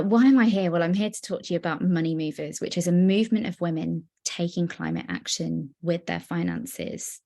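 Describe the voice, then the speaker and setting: A young woman giving an earnest, personal talk on a video call, with many pauses and fillers. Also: lowish voice, a little mellow. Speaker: guest speaker. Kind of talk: virtual presentation.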